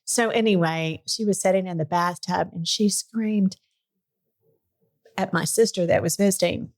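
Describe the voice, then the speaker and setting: A woman's voice: fairly low pitch, unhurried. Earnest middle-aged woman telling a story. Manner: lively, earnest storyteller, often emotional. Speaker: podcast host. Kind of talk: personal storytelling in a casual chat.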